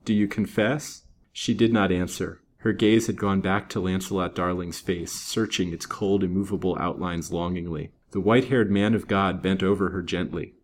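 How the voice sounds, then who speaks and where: Low-voiced man reading a melodrama. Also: fairly even intonation, slight background noise. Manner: measured, dramatic reading. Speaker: storyteller. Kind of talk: scripted narration of a Victorian novel.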